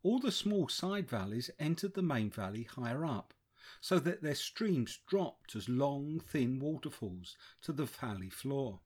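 A man narrating a first-person travel memoir in a measured, descriptive way. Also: mid-range voice, sing-song, a little mellow, slightly rough. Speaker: audiobook narrator.

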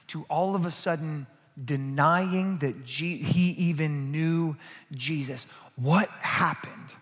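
A male pastor preaching a sermon, moving from quiet asides to loud, emphatic passages. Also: a little high, in a large hall.

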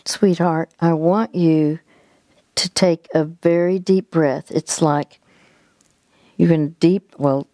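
A woman hosting a Christian call-in counseling show, gently coaching a caller and guiding her through slow deep breaths, with many halting restarts. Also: dry recording. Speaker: radio counseling host.

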